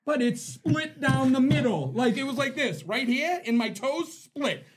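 A man co-hosting a podcast, telling a story in a profane, animated way and laughing often. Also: extremely high pitch, measured pace, breathy edge. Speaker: podcast co-host. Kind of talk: casual storytelling chat.

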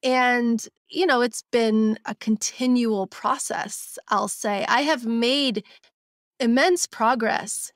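A woman's voice: a little high, takes it slowly, dry recording, studio quality. A woman in her forties, a guest on a podcast interview, talking candidly and reflectively, sometimes acting out her own inner voice. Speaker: guest, simplicity coach and author.

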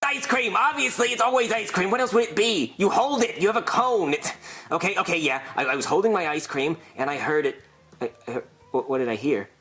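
A whiny, forgetful boy child actor, voiced by a man, who is worn out by his job. The voice sits high and bright, and he stammers as he fumbles for his words. It has the feel of a puppet comedy skit. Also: expressive, brisk. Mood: frantic.

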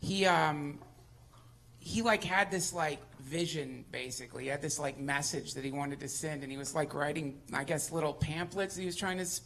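A man guesting on a live comedy podcast, ranting excitedly and swearing a lot, sometimes building to shouts. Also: on the high side, moderate pace. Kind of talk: casual comedic chat on a live show. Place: live venue on stage.

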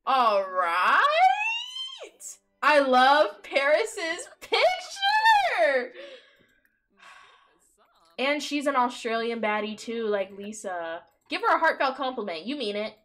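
A young woman streams live, her high voice bouncing wildly up and down as she gossips about the game. She talks in an unhurried drawl, the tone bright and sharp, and she swears freely. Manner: excitable, gossipy, swears freely, breaks into laughter. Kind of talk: live gameplay commentary.

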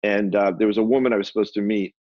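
An older man, a photographer and publisher, telling stories as a guest in a brisk, animated way with quick restarts. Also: on the low side, no room sound, lo-fi sound. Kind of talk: storytelling in a conversation.

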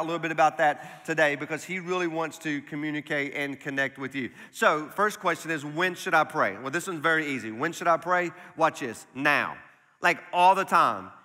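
Male pastor, sermon, bright and forceful, conversational and repetitive, reverberant church hall. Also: sits high. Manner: conversational, repeats words when emphatic. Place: church sanctuary.

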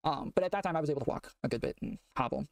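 A man telling a long story in casual chat, rambling with many fillers and getting excitable, recorded from a distance off the mic. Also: medium pitch, rapid-fire, gravelly, no echo. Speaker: guest telling a prison story.

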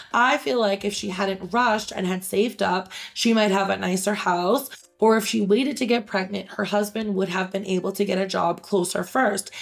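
A woman's voice: mid-range voice, gravelly. A woman hosting a reaction video, reading online posts aloud and giving blunt, opinionated commentary with free swearing.

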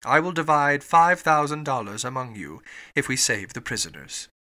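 A man reading an audiobook voices a calm, resolute English gentleman traveller, quiet, cold and measured. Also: mid-range voice. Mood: quiet resolve. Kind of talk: audiobook character voice.

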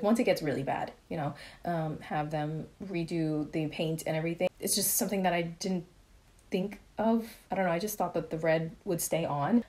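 A young adult woman chatting casually in a haul vlog, rambling and excitable as she shows her shoes. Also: lowish voice. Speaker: vlogger.

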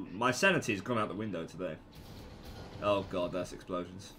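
A man giving casual gameplay commentary, excitable, yelping and joking as he plays. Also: sits low, normal speed, a little hiss or hum.

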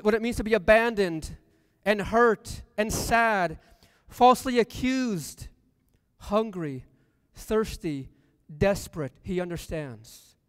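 A man's voice: sits high, clean tone, no room sound, studio quality, in a large hall. A man preaching a sermon in a church, repeating lines with building emphasis. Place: church sanctuary.

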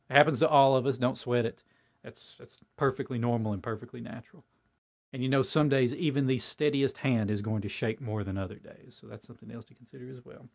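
On his own hobby channel, a man with a gravelly mid-range voice chats casually to camera. He's rambling and folksy, fills his speech with fillers, and often makes light of himself.

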